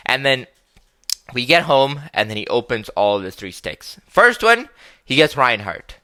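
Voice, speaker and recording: A young man tells a story casually with a lot of jokes, his pitch bouncing around constantly. His voice is bright and close, recorded dry with no room sound. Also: measured pace, no echo. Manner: animated, joking, swears casually. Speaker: podcast host.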